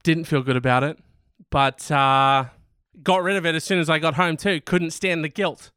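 High, smooth-voiced man ranting. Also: steady tone, normal speed, pushed and bright, dry recording, studio quality. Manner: joking, ranting asides with laughs. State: coughing. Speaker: podcast host. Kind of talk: casual news-story podcast chat.

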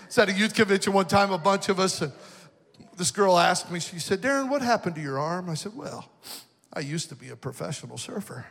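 A man preaching a youth sermon, joking through personal stories and rising into shouted preaching before a live audience. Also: high-pitched, animated, a little fast, vocal fry, big-room sound. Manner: jokey storytelling, building to shouted preaching. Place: large hall with an audience.

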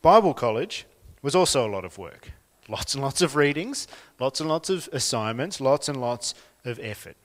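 A man with an Australian accent preaching a sermon, swinging from quiet, reflective lines to loud, emphatic ones. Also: mid-range voice, lively intonation, moderate pace, big-room sound. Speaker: pastor.

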